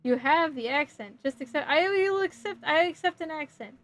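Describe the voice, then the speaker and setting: Giggly New woman, fairly high. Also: lively intonation, moderate pace, a bit bright, faint music behind. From New Jersey. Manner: giggly, scattered, answers chat messages aloud. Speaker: livestreamer building a model kit. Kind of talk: casual chat with stream viewers.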